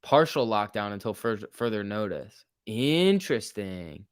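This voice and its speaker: Young man, stock livestream host, casual and excitable, dry close sound. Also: on the low side, measured pace, clean tone, no echo. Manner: chatty, reads chat messages aloud, jumpy and excitable.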